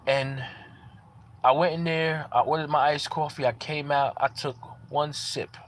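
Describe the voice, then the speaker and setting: A man's voice: on the high side, steady tone, measured pace, slight background noise. A man giving a casual personal testimony in an earnest way, repeating phrases for emphasis. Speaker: parent sharing a personal testimony.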